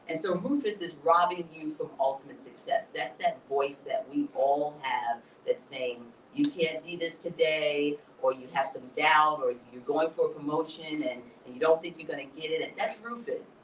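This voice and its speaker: Motivational poet in an echoey hall. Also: male voice, a little high, normal speed, hardly any pauses, far from the mic, a little hiss or hum. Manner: animated storyteller, mixes motivational talk with laughter. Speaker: poet and guest speaker. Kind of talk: live onstage interview. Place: hall at a live event.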